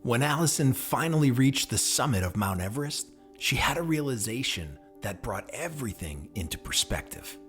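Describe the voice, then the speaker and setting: A man's voice: mid-range voice, sing-song, normal speed, hardly any pauses, a bit bright, faint music behind. A man narrating scripted podcast segments, building suspense.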